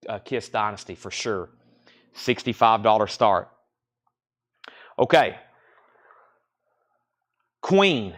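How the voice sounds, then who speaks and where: A man hosting a live-streamed record sale, briskly calling out records, prices and conditions. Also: medium pitch, fairly bright tone.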